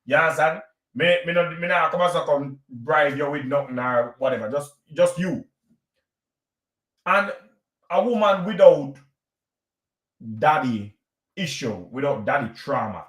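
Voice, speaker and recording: Jamaican man, live-stream host, lecturing and repeating his points, a touch high voiced, roomy echo. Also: expressive, measured pace, pauses often, fairly bright tone. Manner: preachy, lecturing, repeats himself. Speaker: vlogger hosting a live stream.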